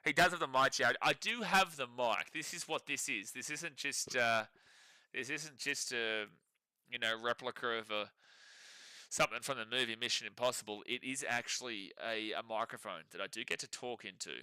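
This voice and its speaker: A man's voice: mid-range voice, normal speed, pushed and bright, clean tone, dry recording. A young Australian man co-hosting a live sports watch-along stream, sarcastic, laughing often and reading chat messages aloud. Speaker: livestream co-host.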